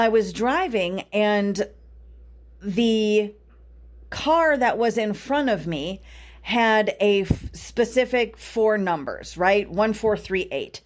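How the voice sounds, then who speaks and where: Speaking casually at a middle pitch and a slow pace, a woman hosts a spiritual podcast. She tells a personal story in a loose, unscripted monologue. Like a chatty storyteller, she keeps checking in with listeners through frequent tag questions.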